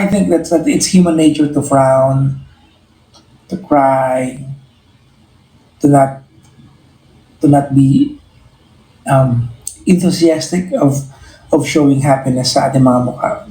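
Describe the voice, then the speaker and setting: A man's voice: on the high side, lively intonation, takes it slowly, pauses often, darkish tone. Earnest Filipino man, roomy echo. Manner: earnest, reflective, often repeats and restarts phrases. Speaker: live-stream host. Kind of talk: casual live-stream chat to viewers.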